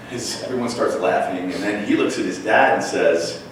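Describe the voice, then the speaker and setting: A man telling a personal story on stage at a storytelling class, wry and animated, mimicking voices for punchlines. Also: mid-range voice, unhurried, slight background noise. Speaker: storyteller at a live class show. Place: small theater with an audience. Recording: echoey room recorded from far off.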